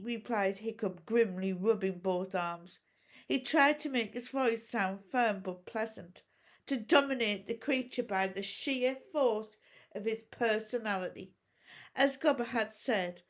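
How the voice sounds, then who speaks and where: Slow-reading woman teacher. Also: medium pitch. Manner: expressive, measured storytelling. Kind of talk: reading a storybook aloud.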